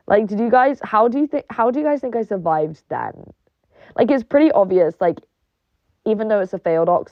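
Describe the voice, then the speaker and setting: A young woman with a lowish voice rants casually, rambling through fillers and swearing with sarcastic bite. The recording is dull and lo-fi, with a dry, close sound and no room echo. She talks like she is venting straight to her audience. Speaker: online personality. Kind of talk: casual rant monologue.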